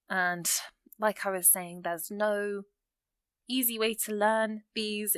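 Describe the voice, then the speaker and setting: Woman going over grammar rules, patient teacher vibe, slows down on examples, dry close sound. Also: mid-range voice, a bit bright, no echo. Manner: patient, reads example sentences slowly and stresses key words. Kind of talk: explaining a grammar lesson.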